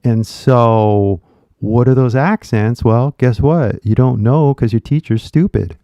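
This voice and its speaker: A man's voice: mid-range voice, slow pace, warm tone, no room sound. A man with a Californian accent giving casual livestream English coaching, blunt and rambling with swearing, on dull lo-fi stream audio.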